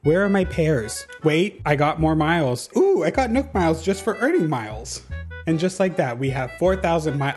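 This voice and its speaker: A man giving casual gameplay commentary as a YouTuber, chatty and excitable, laughing often. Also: fairly high pitch, moderate pace, faint music behind. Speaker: gaming YouTuber.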